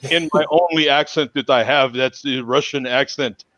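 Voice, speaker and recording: A man hosting a casual video-call beer chat, jokey and laughing often, with halting restarts. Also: medium pitch, steady tone, a bit bright, no room sound. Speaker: host. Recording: muffled lo-fi call audio.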